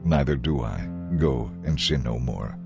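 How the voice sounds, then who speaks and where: A man voicing Jesus as a calm, authoritative teacher making measured, earnest declarations in a dramatized Bible reading. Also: extremely low pitch, vocal fry, music in the background, voice pushed down, exaggerated voice.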